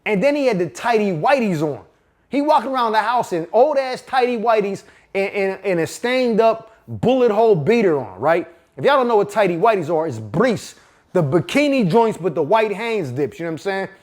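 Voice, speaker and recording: A man from Pittsburgh spins a personal story in casual street slang and heavy profanity. His voice sits high for a man, and the delivery stays animated and conversational. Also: normal speed.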